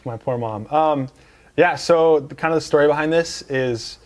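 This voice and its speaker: A man's voice: a little high, moderate pace. A man as a guest on a casual interview show, telling a rambling anecdote full of fillers and restarts, in a lounge. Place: dealership lounge couch.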